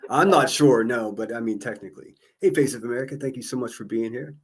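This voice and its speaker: A man's voice: mid-range voice, fast, breathy edge. A man hosting a call-in livestream, chatting casually, laughing often and stumbling over repeated words.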